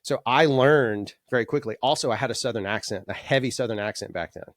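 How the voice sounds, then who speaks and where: Male podcast guest, 40s, quick-paced rambling storyteller, dry close sound. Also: medium pitch, no room sound. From Alabama. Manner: rambling, animated anecdotes with restarts. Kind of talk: casual storytelling.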